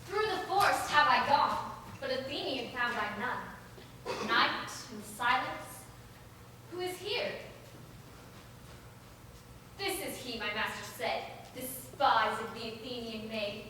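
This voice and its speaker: Woman playing a bright mischievous fairy sprite on stage. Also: fairly high pitch, animated, slow pace, long pauses, exaggerated voice. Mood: hushed, searching. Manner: rhyming verse, stage declamation. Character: mischievous woodland fairy sprite, nimble servant. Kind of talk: stage play performance. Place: school auditorium stage. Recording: echoey hall, distant mic, some noise.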